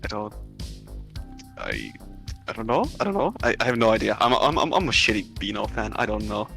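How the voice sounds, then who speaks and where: Man, gravelly, low-pitched, bright, excitable, swears a lot, stumbling restarts, casual stream chat. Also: a little fast, faint music behind. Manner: excitable, profane, stammering restarts. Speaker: guest VTuber.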